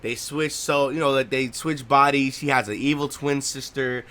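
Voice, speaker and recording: Young guy let's play host, bright punchy voice, cussing and repeating himself, ranting about a game at his setup. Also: mid-range voice, fairly even intonation, moderate pace. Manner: blunt, profane, repeats himself when ranting. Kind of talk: gameplay reaction rant.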